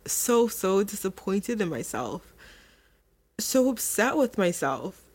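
A woman's voice: medium pitch, big pitch swings, slow pace, a little mellow, slightly rough. A young adult woman hosting her own podcast, talking candidly and chattily straight to her listeners. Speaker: podcast host. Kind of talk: casual solo podcast monologue.

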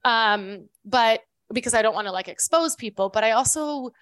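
A woman's voice: on the high side, normal speed, fairly bright tone, clear, resonant tone, no echo. A woman co-hosting a podcast in casual chat, rambling with lots of fillers and restarts. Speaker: podcast co-host.

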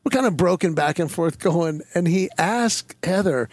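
A man's voice: high-pitched, moderate pace, no echo. A man telling funny travel stories in casual chat, laughing as he goes. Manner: animated, laughing storyteller. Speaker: guest. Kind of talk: casual storytelling.

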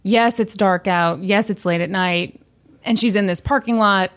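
Speaking at a medium pitch and moderate pace, a woman hosts a podcast and shares a spooky true story in casual chat. She narrates with animation, voicing the people she quotes.

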